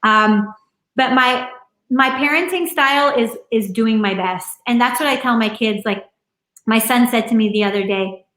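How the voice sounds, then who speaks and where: A middle-aged woman speaking as an interview guest from her home, earnest and rambling, with plenty of fillers and restarts. Her voice sits a bit high. The room gives it a noticeable echo. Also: moderate pace, a bit bright. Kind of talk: casual conversational interview.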